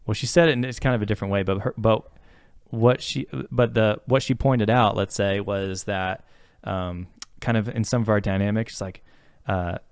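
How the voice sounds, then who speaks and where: A man with a fairly low voice talks earnestly on a podcast, circling his thoughts with fillers and restarts. The sound is dry and close, with no room around it. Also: fairly even intonation, normal speed, hardly any pauses, clear, resonant tone, dry recording. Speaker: podcast co-host talking about therapy. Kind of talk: casual podcast conversation.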